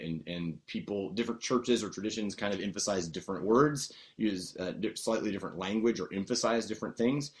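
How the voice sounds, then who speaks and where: A man preaching a teaching sermon in a conversational way, with many fillers and restarts as he patiently explains Greek words. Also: lowish voice. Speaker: pastor.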